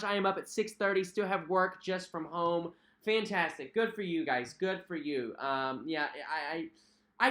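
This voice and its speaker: A man's voice: high-pitched, pushed and bright. Chatty young man hosting a livestream. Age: young adult. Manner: chatty, friendly, repeats himself, frequent fillers. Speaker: cruise vlog host. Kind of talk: casual livestream chat reading viewer comments. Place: at home.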